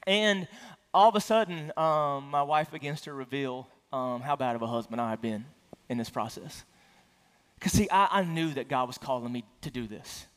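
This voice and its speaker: A man's voice: medium pitch, moderate pace, fairly bright tone, clear, resonant tone. A man preaching a sermon as a pastor, telling a personal story in a casual, self-deprecating way in front of his church. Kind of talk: conversational sermon. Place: church sanctuary. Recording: long hall reverb.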